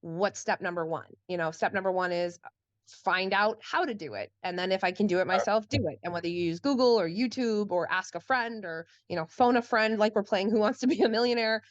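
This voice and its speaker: A woman's voice: mid-range voice, fairly quick, no echo. Chatty woman with a dull, dry sound. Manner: chatty, frequent "like" fillers, acts out quotes. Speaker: podcast co-host. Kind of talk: casual conversation.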